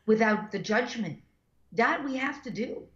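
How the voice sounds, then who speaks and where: A woman guest talking as an animal communicator, telling stories in a rambling, animated way with many fillers and restarts. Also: fairly high pitch, a little slow, highs cut off. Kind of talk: casual storytelling interview.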